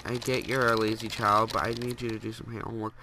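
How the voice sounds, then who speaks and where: A man's voice: on the low side, level tone, fast, noisy background. A young man with a stuffed-up nose, rambling casually through gameplay commentary and scolding the characters on screen. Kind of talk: casual let's play commentary.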